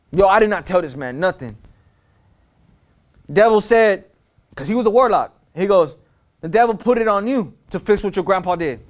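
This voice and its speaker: A man tells a personal story in a loose, slangy monologue and keeps checking in with the listener. His voice sits high for a man. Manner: slangy, animated, repeats phrases.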